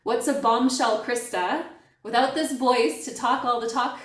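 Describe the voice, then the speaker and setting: A middle-aged Canadian woman joins a casual podcast conversation as a chatty guest and playful storyteller. Her voice is fairly high and a little slow. She sounds echoey and distant, recorded off-mic in a roomy space.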